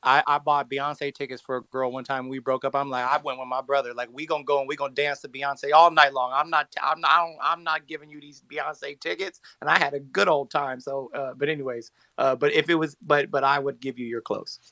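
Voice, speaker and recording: A man's voice: medium pitch, steady tone, fairly quick, hardly any pauses, sharp tone, no echo. A man in his thirties telling rambling stories in a casual group chat, laughing easily. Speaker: community space speaker.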